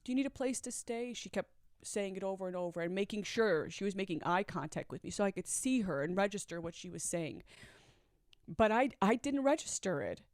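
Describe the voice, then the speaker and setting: A woman's voice: medium pitch, expressive, a little fast, darkish tone, no echo, clean studio sound. Candid woman telling a painful story. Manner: candid, reflective, with nervous laughs. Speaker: storyteller sharing a personal story. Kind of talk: confessional personal storytelling.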